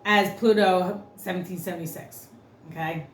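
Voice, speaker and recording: A woman's voice: lowish voice, steady tone, normal speed. A woman giving an unscripted tarot reading, ranting bluntly and cursing freely. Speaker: tarot reader. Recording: roomy echo, faint noise.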